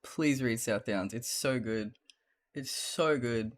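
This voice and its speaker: A streamer chatting casually and reading fanfiction, gushing and excitable, with frequent swearing. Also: mid-range voice, slow pace.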